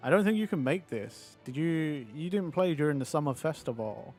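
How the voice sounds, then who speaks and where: A man's voice: on the high side, expressive, normal speed, darkish tone, faint music behind. A British man streaming a game in casual chat, rambling, swearing and answering his viewers.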